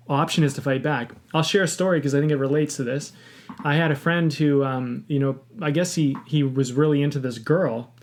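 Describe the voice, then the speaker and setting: Animated storytelling podcast host. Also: male voice, on the high side. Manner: animated storytelling, acts out quoted dialogue. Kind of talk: casual conversational podcast.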